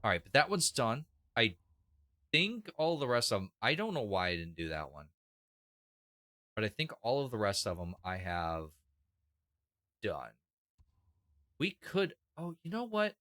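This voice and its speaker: A man's voice: on the low side, big pitch swings, a little slow, pauses often, bright, forceful tone, dry recording, clean studio sound. A young man casually commenting on his own gameplay as a streamer, thinking aloud and judging what he sees. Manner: chatty, opinionated, thinks aloud with restarts. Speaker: game streamer.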